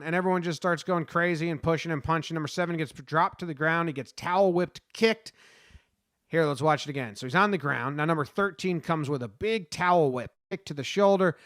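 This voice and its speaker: Guy breaking down game clips, jokey and sarcastic, kinda high voice, dead dry mic. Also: a bit bright, dry recording. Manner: sarcastic, voices players in quick asides. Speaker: sports commentator.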